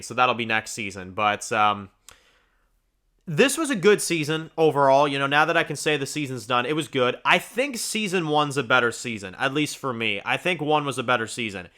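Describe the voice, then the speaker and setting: A man's voice: medium pitch, bright, forceful tone. A young man hosting a TV review channel, talking casually in a rambling, profane way with many fillers and restarts. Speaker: TV review host.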